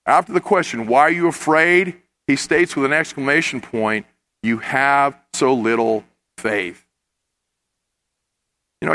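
A man with a fairly high, bright voice delivers a sermon. He speaks earnestly and often swells into impassioned emphasis. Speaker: pastor.

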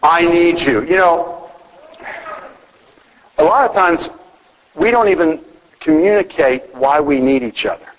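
Man preaching in a slightly high voice. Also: expressive, a little slow, pauses often, in a large hall, low-quality recording. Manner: conversational preaching with personal stories. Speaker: pastor. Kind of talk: sermon.

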